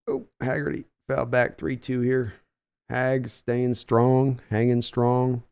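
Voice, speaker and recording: Male stream host, clean resonant voice, casual play-by-play with excitable calls and chatty asides. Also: medium pitch, measured pace, creaky, smooth. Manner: excitable home run calls, chatty while reading chat. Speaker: live stream host reacting to a baseball game. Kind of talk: casual live play-by-play and chat.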